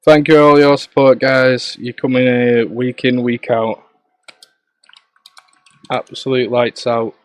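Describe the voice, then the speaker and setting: A man's voice: mid-range voice, little pitch movement, slow, pauses often. A man, the league's owner, giving chatty live commentary on a sim race and talking to viewers and his co-host.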